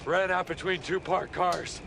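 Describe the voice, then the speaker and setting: A man's voice: high-pitched, steady tone, a little slow, gravelly, noisy background. An actor playing a desperate, cursed middle-aged man who pleads tensely. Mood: pleading. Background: film score music.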